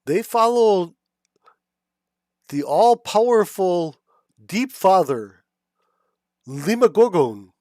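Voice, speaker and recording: A man running a tabletop game as dungeon master, narrating in an unhurried, relaxed way. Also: sits high, dry recording, studio quality.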